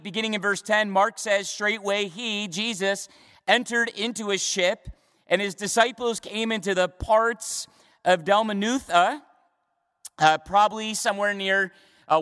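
Speaking in a high, sharp voice, a male pastor works through a midweek Bible study sermon with emphatic repetition and rhetorical questions, his words echoing with long hall reverb.

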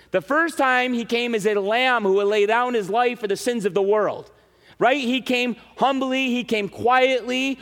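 A man preaching a sermon to his congregation in an animated way, with frequent "right?" asides. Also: extremely high pitch. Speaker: pastor. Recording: reverberant hall.

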